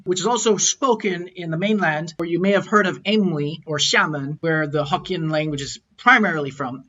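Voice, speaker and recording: A man's voice: on the high side, bright, forceful tone. A man teaching an online lesson over slides, explaining patiently and sounding out tones as examples. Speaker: language teacher. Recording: dull lo-fi audio.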